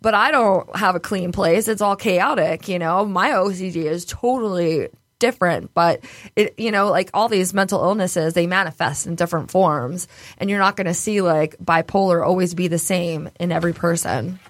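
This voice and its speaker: A woman's voice: lowish voice, moderate pace, no echo. A woman from New York speaking candidly in a casual interview, laughing often and swearing freely. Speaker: podcast guest.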